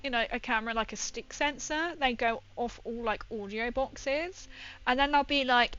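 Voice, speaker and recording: A woman's voice: on the high side, fairly quick, fairly bright tone, lo-fi sound. A young woman streaming while painting miniatures, telling a rambling story in casual chat with lots of fillers. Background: faint background music.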